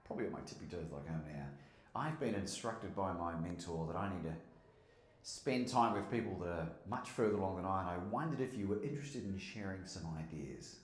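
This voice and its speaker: An Australian man from Melbourne, a motivational speaker and podcast host, gives an animated live keynote and tells stories while asking the audience questions. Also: deep voice, brisk. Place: conference hall with a live audience. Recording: roomy hall sound.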